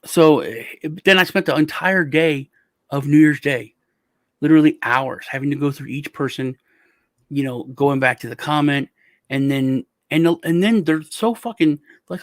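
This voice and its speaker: A man, hosting a crypto show, telling stories in a casual, animated way with lots of swearing. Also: a little high, moderate pace, no echo, studio quality. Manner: animated, profane ranting storyteller. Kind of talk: casual chat.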